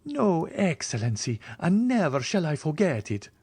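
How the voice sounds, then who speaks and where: An earnest young male servant from an audiobook reading, as a man puts him on. He recounts events eagerly and respectfully, with plenty of lift in his pitch, recorded close and dry. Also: big pitch swings, unhurried, no room sound. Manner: eager, deferential storytelling.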